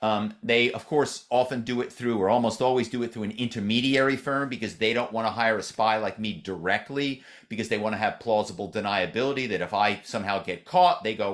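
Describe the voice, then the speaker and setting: This middle-aged guest's voice is fairly low and fairly bright, and he talks quite quickly with few pauses. His conversational podcast interview is rambling and full of restarts and "you know" fillers.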